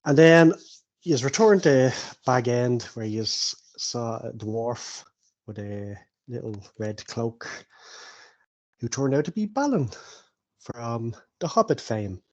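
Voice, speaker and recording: A man's voice: mid-range voice, animated, slow, darkish tone. A man narrating and recapping as game master, in a casual chatty way with frequent laughs.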